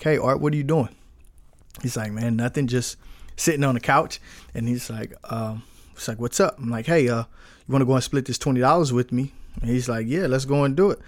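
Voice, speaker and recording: Relaxed man telling a business story. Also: medium pitch, dry recording. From St. Louis. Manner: relaxed storyteller, with frequent fillers and quoted dialogue. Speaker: guest, business owner. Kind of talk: storytelling in a podcast interview.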